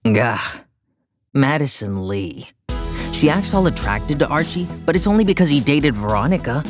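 A man playing a sarcastic, laid-back teenage boy with dry, deadpan humor in an audio drama. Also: mid-range voice. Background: music.

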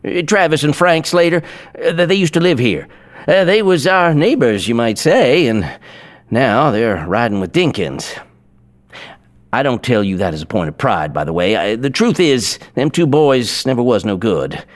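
An actor playing a nervous, talkative small-town barber who speaks in a folksy, stammering way. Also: male voice, mid-range voice, lively intonation, moderate pace, close to an everyday voice.

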